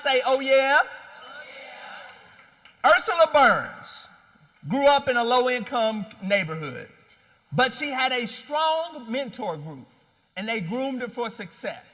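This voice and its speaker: High, bright-voiced man telling stories on stage. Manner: animated storyteller, rallies the crowd. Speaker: founder and CEO giving a keynote. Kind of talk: live event speech with storytelling. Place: large hall at a live expo. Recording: long hall reverb.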